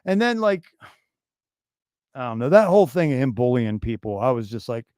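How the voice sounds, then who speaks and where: A man's voice: mid-range voice, very animated, moderate pace, darkish tone, no echo, clean studio sound. A man co-hosting a casual crypto livestream, ranting profanely and animatedly, often slipping into mocking impressions of others. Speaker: co-host. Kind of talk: casual crypto stream chat.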